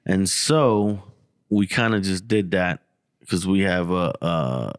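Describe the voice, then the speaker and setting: A man co-hosting a podcast, telling a story in casual, profane, animated chat. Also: takes it slowly, smooth, no room sound, clean studio sound. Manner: animated, profane, gets loud and high when acting out the story. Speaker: podcast co-host.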